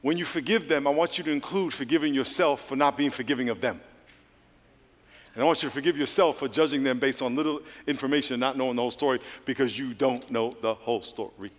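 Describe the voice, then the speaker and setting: A male pastor preaching a sermon, swinging between loud, lively exhortation and hushed prayer. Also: mid-range voice, fast talker. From United States. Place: large church hall. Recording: long hall reverb.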